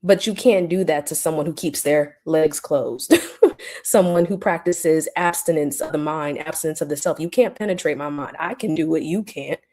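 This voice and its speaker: A woman's voice: sits low, moderate pace, dark tone. A woman hosting a casual livestream, answering her chat with teasing remarks and frequent laughter. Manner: laughs often, teasing and mocking.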